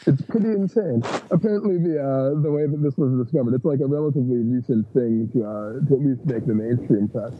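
A man's voice: medium pitch, a little fast, few pauses, highs cut off, slight background noise. A man co-hosting a podcast, explaining things in a dry, casual way.

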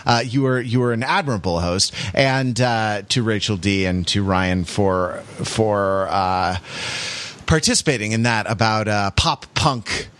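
A man's voice: fairly low pitch, unhurried, a bit bright. A man hosting a casual podcast, reading listener comments aloud with many fillers and restarts. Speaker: podcast host.

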